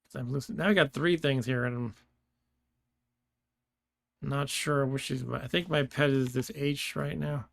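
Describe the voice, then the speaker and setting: A man's voice: mid-range voice, fairly even intonation, normal speed, vocal fry, pauses often, fairly bright tone, no room sound. A man giving casual let's-play commentary, thinking aloud and laughing often, with keyboard clicks behind him. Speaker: gameplay streamer.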